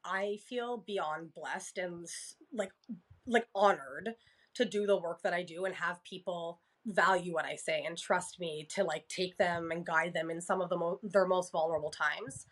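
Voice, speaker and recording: A woman's voice: lowish voice, normal speed. Candid, profane woman therapist. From Canada. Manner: candid, swears freely, acts out client dialogues. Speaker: podcast guest, sex therapist. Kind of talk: casual conversation.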